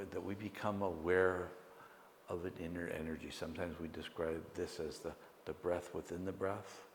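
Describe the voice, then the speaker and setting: A very deep male voice guides listeners through a meditation lecture, unhurried and calm, with breaks between phrases. His voice echoes through a hall, trailing long reverb, while faint room ambience and slight hiss or hum linger below.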